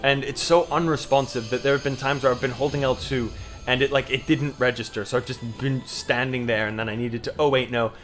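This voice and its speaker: Male gamer, middle pitch, loose running commentary, quick to shout and curse, faint game music under. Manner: excitable, swears, yells at the game. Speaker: gamer streamer. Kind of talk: casual gameplay commentary.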